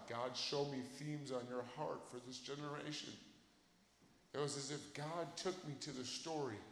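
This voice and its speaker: A young man preaching a sermon to a room of kids, impassioned, swinging from shouting to a hush. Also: medium pitch, echoey room, long reverb tail. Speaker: youth preacher.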